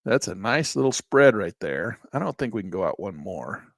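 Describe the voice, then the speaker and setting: A man's voice: on the low side, big pitch swings, normal speed, vocal fry, dry recording, clean studio sound. A middle-aged man, a trading instructor, casually thinking aloud through trades on a live screen-share.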